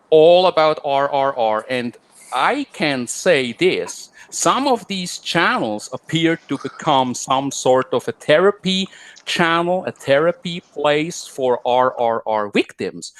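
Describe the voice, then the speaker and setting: A man hosting a live online talk show, delivering a combative, rambling monologue full of fillers. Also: mid-range voice. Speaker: host.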